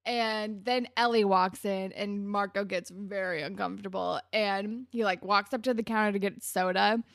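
A woman's voice: mid-range voice, fairly even intonation, moderate pace, creaky, dry recording, studio quality. A young woman co-hosting a podcast, telling chatty, self-mocking stories while recapping a show. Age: young adult. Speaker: podcast co-host. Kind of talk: casual recap chat.

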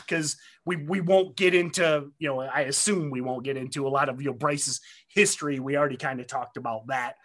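Bright high-voiced male podcast host. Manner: rambling, self-interrupting, joking. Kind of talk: casual chat.

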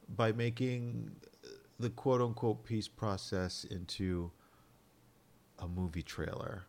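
A man co-hosting a casual podcast chat, explaining things in a measured, wry way. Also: lowish voice, level tone, vocal fry, darkish tone. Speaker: podcast co-host.

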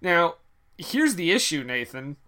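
A man's voice: on the high side, very animated, unhurried, sharp tone. A man hosting a comedy film podcast, talking in a playful, sarcastic way. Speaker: podcast host. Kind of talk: casual comedic chat.

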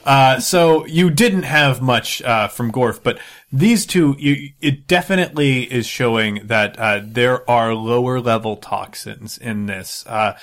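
A man's voice: mid-range voice, unhurried, fairly bright tone. Rambling game master man. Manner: rambling, many fillers. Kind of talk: narrating a tabletop game.

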